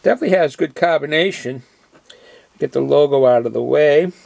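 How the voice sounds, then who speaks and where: A man's voice: fairly high pitch, brisk, creaky, darkish tone, dry recording. A man with a Boston accent reviewing a beer in casual, rambling talk with many fillers and restarts.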